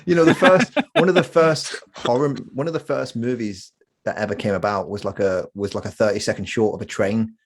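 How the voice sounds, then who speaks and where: A man's voice: on the low side, a little fast. A British man chatting as a podcast guest, joking and rambling through a story. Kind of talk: casual chat.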